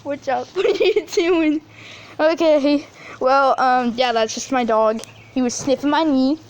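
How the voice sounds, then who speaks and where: A woman's voice: high-pitched, steady tone, unhurried. A teenage girl in a casual unboxing video, gushing and chatty with lots of fillers. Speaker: vlogger.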